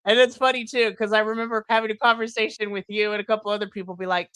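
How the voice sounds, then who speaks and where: A podcast co-host in casual post-show chat, excitable, laughing often and breaking into loud exclamations. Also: medium pitch, rapid-fire, hardly any pauses, clean tone, no echo.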